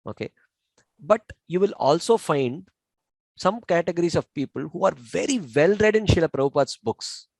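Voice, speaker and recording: Measured man explaining scripture. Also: a little high, lively intonation, creaky, a little mellow, no echo, low-quality recording. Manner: measured, explanatory, many fillers. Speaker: teacher of scripture. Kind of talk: informal discussion.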